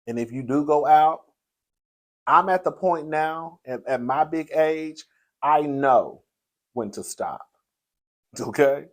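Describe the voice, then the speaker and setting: Sassy, laughing male commentator. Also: mid-range voice. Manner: sassy and chatty, laughs often, calls the audience girl. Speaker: host. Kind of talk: casual gossip commentary.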